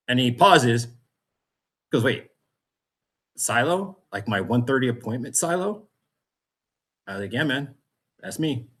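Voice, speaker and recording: A man's voice: mid-range voice, a bit bright. A man as a podcast guest, telling his story with energy, acting out other people's voices and laughing often. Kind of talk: storytelling interview.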